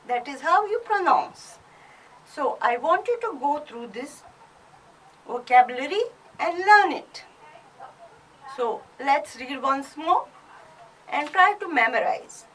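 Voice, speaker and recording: A woman with an Indian English accent teaching a French class, slowly drilling words for students to repeat. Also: high voice, big pitch swings, a bit bright, distant mic, a little hiss or hum, rough recording. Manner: slow, deliberate teacher drilling pronunciation. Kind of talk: recorded online class.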